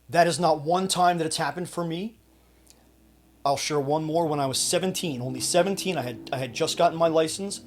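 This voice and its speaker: Intense man recounting a confrontation. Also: medium pitch. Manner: intense, emphatic retelling with quoted shouts. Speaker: fitness coach and channel host. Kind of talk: personal storytelling to camera.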